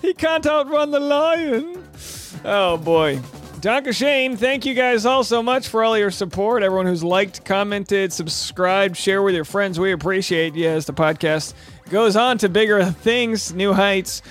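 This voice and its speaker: A man's voice: high voice, normal speed, soft background music. A man hosting a casual news podcast, chatty and upbeat, who laughs easily. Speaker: podcast host and stand-up comic.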